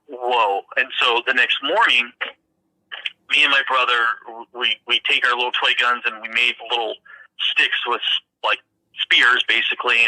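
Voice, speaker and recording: A man earnestly telling of a strange encounter in casual first-person storytelling, halting and repeating words as he goes. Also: mid-range voice, bright, forceful tone, dry recording, poor audio. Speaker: witness recounting an encounter.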